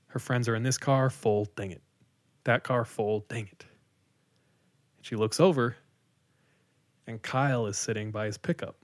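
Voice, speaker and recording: A man casually retelling a story on a podcast, animated and full of likes as he acts out quotes. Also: medium pitch, moderate pace, pauses often.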